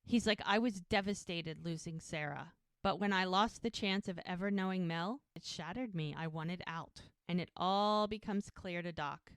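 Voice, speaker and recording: She talks at normal speed with hardly any pauses, her lowish voice fairly bright, clear, and resonant. The woman co-hosts a podcast, retelling a TV episode's scenes in a casual way, performing characters' lines and sometimes laughing. The clean studio recording has no echo.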